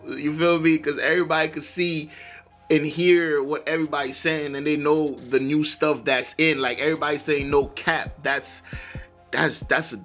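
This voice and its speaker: Male reaction host, Haitian accent with a Rhode Island mix, bright and slightly high, casual and profane, faint music behind. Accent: Haitian mixed with Rhode Island. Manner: rambling, loose, laughs often, curses.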